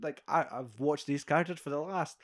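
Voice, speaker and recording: A man's voice: fairly high pitch, a little fast, no echo, clean studio sound. A Scottish man chatting casually about a film, retelling scenes with lots of swearing and putting on the characters' voices.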